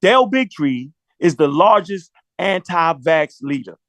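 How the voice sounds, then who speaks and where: A man's voice: fairly high pitch, very animated, slow, fairly bright tone, no room sound. A man telling a long story in a profane, slangy way, acting out the quotes as he goes. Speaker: podcast talker. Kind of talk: animated storytelling monologue.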